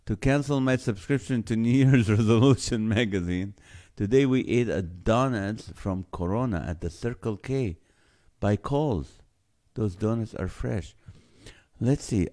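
A man's voice: fairly low pitch, a little slow, mellow. A man hosting a live stream, reading viewer comments aloud and joking, often breaking into laughter. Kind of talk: casual live-stream chat.

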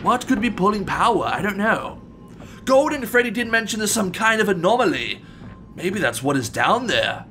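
A man voicing a polite, tea-loving gentleman toy bear animatronic, commenting on gameplay with fussy exclamations and calling people sir. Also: sits high, big pitch swings, moderate pace, slight background noise, exaggerated voice. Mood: chatty. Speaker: let's-play host.

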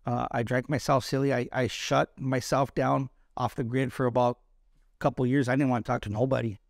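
A man's voice: medium pitch, flat delivery, brisk, vocal fry, no room sound, clean studio sound. A middle-aged man from East Los Angeles, an Army combat veteran telling his story in an interview, speaking bluntly with profanity and repeated words. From East Los Angeles, USA. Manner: blunt, profane, repeats words when emotional, acts out quoted voices.

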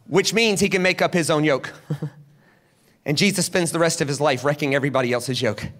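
A middle-aged man from South Carolina preaching a sermon as a guest speaker, teaching in an animated way and getting the crowd to repeat words after him. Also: on the high side, moderate pace. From South Carolina, USA.

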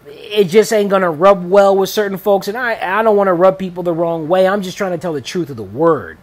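A man reading a Bible passage aloud and stopping to comment in a loose, rambling way, often repeating himself and leaning on fillers. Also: on the high side. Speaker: Bible teacher on a video channel. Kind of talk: reading scripture with casual commentary.

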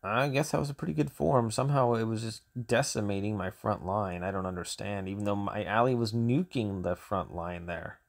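A man's voice: on the low side, fairly even intonation, fairly quick, vocal fry, few pauses. A man commentating his own gameplay for his channel, grumbling and exasperated, often sighing. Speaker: gaming channel host.

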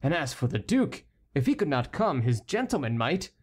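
A man's voice: mid-range voice, sing-song, normal speed, husky. A man voicing a sneering young male courtier with ironic, needling speech.

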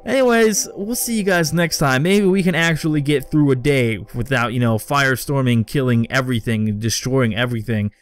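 A man's voice: medium pitch, moderate pace, hardly any pauses. A young man giving casual commentary while playing a game, swearing and exasperated when things go wrong. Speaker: let's play host.

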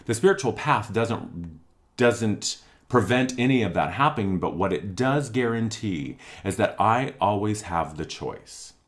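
A man's voice: fairly low pitch, expressive, measured pace. A man giving a spiritual monthly forecast talk, earnest and emphatic, repeating phrases for effect. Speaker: spiritual teacher.

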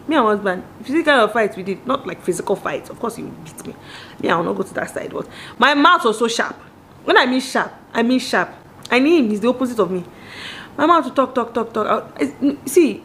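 A brisk Nigerian woman in her thirties talks straight to her viewers about marriage, quick and lively, now and then slipping into the voices of the people she quotes. Her voice sits a little high for a woman. A faint hum of noise stays under the recording. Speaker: vlogger. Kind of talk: candid monologue on marriage.

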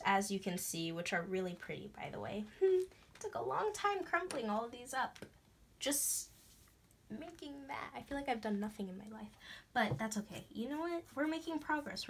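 Excitable young woman doing a diy vlog, voice jumping all over, pretty high. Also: a little hiss or hum. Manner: bubbly, excitable, gasps and squeals. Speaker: craft vlogger. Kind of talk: casual DIY tutorial chat.

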